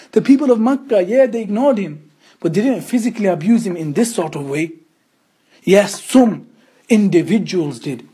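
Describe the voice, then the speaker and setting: A man's voice: high voice, dark tone, breathy edge. A man teaching a religious lesson, telling the story in an earnest way and pressing his points with emphatic rhetorical questions. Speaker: Islamic studies teacher.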